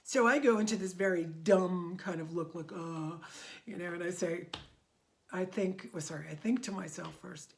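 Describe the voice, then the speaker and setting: A woman's voice: lowish voice, normal speed, creaky. A middle-aged woman instructor gives a heartfelt personal testimony to her community, her voice often wavering near tears. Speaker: meditation method instructor.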